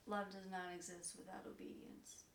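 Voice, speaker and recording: Woman reading scripture, gravelly voice. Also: mid-range voice, level tone, normal speed. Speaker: Bible study participant. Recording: echoey room, from a distance, faint noise.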